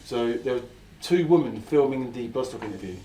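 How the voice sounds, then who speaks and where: A man's voice: mid-range voice, expressive, a little fast, dark tone, soft background music. A man in his thirties, co-hosting with crude, laid-back banter and laughing asides. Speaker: co-host. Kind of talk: casual banter. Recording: echoey room, far from the mic.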